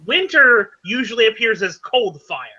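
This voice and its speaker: High, bright-voiced game master. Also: male voice, sing-song, highs cut off. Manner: halting, many fillers and self-corrections. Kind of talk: narrating a tabletop game.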